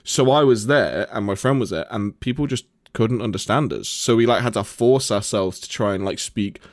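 A man's voice: lowish voice, normal speed, no room sound, studio quality. Sweary man with a Nottingham accent. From Nottingham, England. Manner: sweary, animated storytelling. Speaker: podcast co-host and gigging musician. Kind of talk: casual chat.

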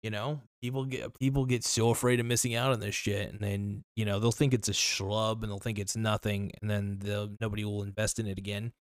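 A man hosting a casual solo podcast, talking in a loose, rambling, profane way with many restarts, his voice a little worn and hoarse. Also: fairly low pitch, flat delivery, fairly quick, few pauses, dry recording, clean studio sound. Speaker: podcast host.

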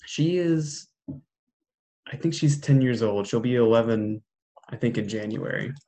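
A relaxed man talking casually with a friend, easygoing and ready to chuckle. His voice sits at a middle pitch. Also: unhurried. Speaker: friend chatting. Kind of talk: casual chat.

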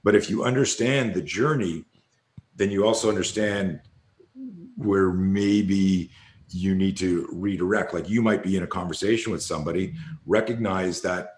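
A man's voice: sits low, moderate pace, darkish tone. A man hosting a podcast, talking through ideas reflectively in casual chat. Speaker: podcast host.

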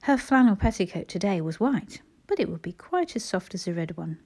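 Mellow woman reading a children's story. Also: mid-range voice, animated, a little fast. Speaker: audiobook narrator.

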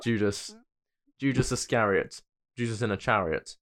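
A man's voice: fairly low pitch, moderate pace, fairly bright tone. A man co-hosting a casual comedy podcast, playful and laughing often, slipping into silly voices. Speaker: podcast co-host.

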